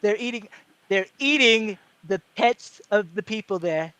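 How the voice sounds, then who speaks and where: A man doing an impression of a blustering older male politician, slow and emphatic, in a casual chat. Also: sits high, lively intonation, pushed and bright, clean tone, dry recording, heavily acted. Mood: mocking. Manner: slow, drawn-out, emphatic delivery.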